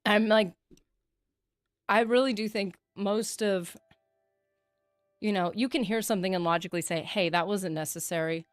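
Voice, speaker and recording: A woman's voice: mid-range voice, normal speed, pauses often, no room sound, clean studio sound, faint music behind. A woman streaming a game, chatting with her viewers in a reflective, talkative way. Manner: chatty and reflective, reads chat aloud. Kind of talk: casual livestream chat.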